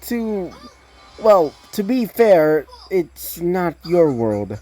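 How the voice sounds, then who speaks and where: A woman's voice: fairly low pitch, big pitch swings, extremely slow, mellow, soft background music, heavily acted. A woman reading the lines of a friendly, easygoing young female traveler.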